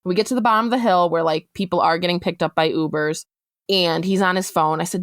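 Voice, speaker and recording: A woman recounting a distressing personal story for a podcast, talking quickly and acting out what people said. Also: on the low side, steady tone, no room sound, studio quality. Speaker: interviewee recounting her story.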